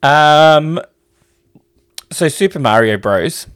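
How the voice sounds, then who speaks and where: A man's voice: fairly high pitch, lively intonation, extremely slow, fairly bright tone, clear, resonant tone. Rambling man chatting on a podcast. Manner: rambling, hesitant, swears freely. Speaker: podcast co-host. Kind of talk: casual chat.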